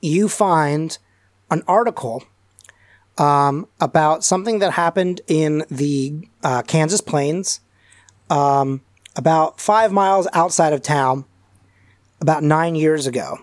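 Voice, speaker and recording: A man's voice: fairly high pitch, slow pace, no echo, studio quality. A man narrating a tabletop role-playing game as game master in a loose, rambling way, with many "um"s and "uh"s.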